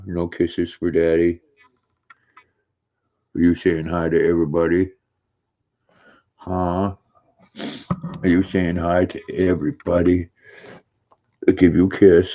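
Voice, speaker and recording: An older man chatting casually on a live stream, greeting viewers by name and cooing softly to his dog. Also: deep voice, dull audio.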